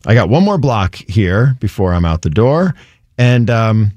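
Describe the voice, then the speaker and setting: A man's voice: on the low side, very animated, measured pace, a little mellow, no room sound, clean studio sound. A man hosting a radio music show, chatting casually and rambling between songs with fillers and restarts. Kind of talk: casual on-air radio patter. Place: radio studio. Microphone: studio microphone.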